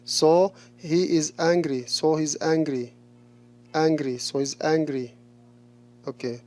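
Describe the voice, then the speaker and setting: A male English teacher talking through a lesson, slowly repeating each answer and praising the replies. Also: fairly high pitch, fairly even intonation, a little mellow. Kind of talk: recorded classroom lesson.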